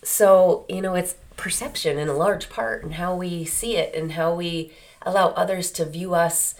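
Woman, podcast host, low voice, gravelly fry, earnest reflective monologue. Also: steady tone, normal speed, a little mellow. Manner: earnest, conversational, rhetorical questions.

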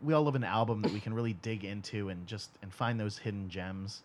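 A man's voice: fairly low pitch, a little fast, slight background noise. A man hosting a casual music podcast with friends, joking and restarting his sentences. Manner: joking, loose, hesitant restarts. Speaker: podcast host.

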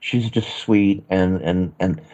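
An American man guesting on a podcast, acting in an improvised comedy sketch with an anxious, expressive delivery. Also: low-pitched, slow, highs cut off.

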